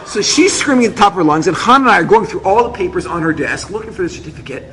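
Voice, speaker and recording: A man's voice: high-pitched, rapid-fire, a faint crowd. A man, a rabbi, telling a personal story to an audience and acting out the voices of everyone in it. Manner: animated, acts out every voice. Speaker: rabbi and speaker. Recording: long hall reverb, faint noise.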